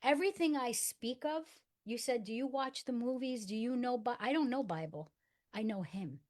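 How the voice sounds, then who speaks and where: A middle-aged woman telling a personal story in conversation, acting out the dialogue and dropping to a hush for quoted lines. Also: fairly high pitch, normal speed. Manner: earnest storyteller acting out dialogue in hushed tones. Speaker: guest.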